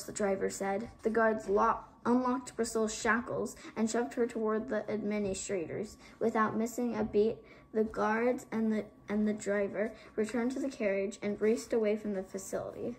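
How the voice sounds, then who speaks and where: A woman's voice: mid-range voice, fairly even intonation, moderate pace, a little hiss or hum, low-quality recording. A woman narrating a children's fantasy book aloud, reading steadily with occasional slips and restarts. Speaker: audiobook reader. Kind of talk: storybook narration.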